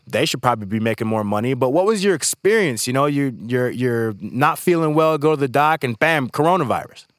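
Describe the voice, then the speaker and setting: A man's voice: mid-range voice, animated, brisk, dry recording, clean studio sound. A man hosting a podcast, talking in a loose, rambling way with many fillers. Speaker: podcast host. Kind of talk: casual chat.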